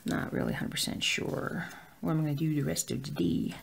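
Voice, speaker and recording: Gravelly-voiced crafter chatting at home. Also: mid-range voice, big pitch swings, normal speed, noisy background. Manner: rambling, with filler words. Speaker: cross-stitch vlogger. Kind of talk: casual chat while stitching.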